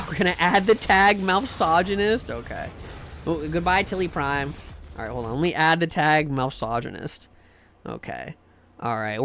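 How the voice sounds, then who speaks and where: A man's voice: a little high, lively intonation, normal speed, a bit bright, slight background noise. Jokey, rambling male streamer. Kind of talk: casual gaming stream chat.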